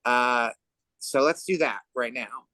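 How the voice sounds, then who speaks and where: A man's voice: medium pitch, takes it slowly, sharp tone, no room sound, rough recording. A man moderating a panel over a video call, rambling with wry, self-deprecating asides.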